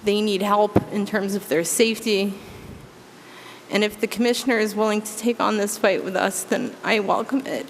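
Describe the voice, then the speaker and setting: A woman's voice: mid-range voice, moderate pace, vocal fry. A woman in her thirties delivers an earnest, impassioned statement at a public meeting. Her voice sits in a mid range and carries through a long-reverberating hall. A faint hum of room noise sits underneath. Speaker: school committee member.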